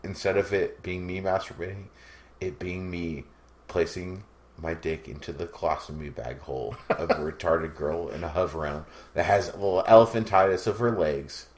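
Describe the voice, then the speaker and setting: A man's voice: low voice, fairly even intonation, moderate pace. A man co-hosting a podcast in casual chat, telling crude jokes and laughing often. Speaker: podcast co-host.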